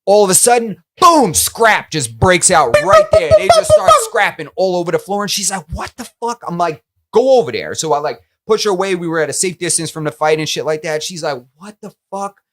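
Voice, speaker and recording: A man's voice: high voice, fairly quick, few pauses. A young man co-hosting a podcast, telling stories in loose casual banter and cursing freely. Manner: animated storyteller, swears a lot. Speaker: podcast co-host.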